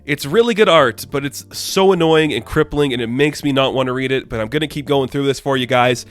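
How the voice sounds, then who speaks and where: A man's voice: mid-range voice, brisk, faint music behind. A man reviewing a comic book in a casual, sarcastic and exasperated rant, addressing his viewers directly.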